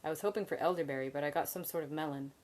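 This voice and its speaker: A cheeky young man with a restless, fey streak, as a woman reads him aloud. He speaks brightly and teasingly, slipping into a sing-song lilt, a touch higher than her own low voice. It has the feel of a storybook read at home. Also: racing, close to an everyday voice. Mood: playful.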